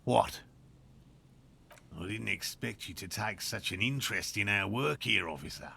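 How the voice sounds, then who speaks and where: A man's voice: fairly low pitch, unhurried, gravelly, pushed and bright, a little hiss or hum, full character voice. An actor playing a pompous, self-assured male cryptozoologist in a video game, with an Australian accent and a lecturing manner.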